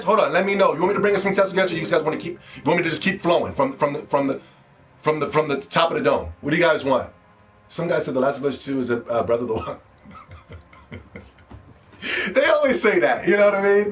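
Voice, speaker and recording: A young man hosting a live gaming stream, ranting casually and playfully with lots of swearing and bursts of shouting. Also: on the high side. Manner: animated, profane, playful shouting.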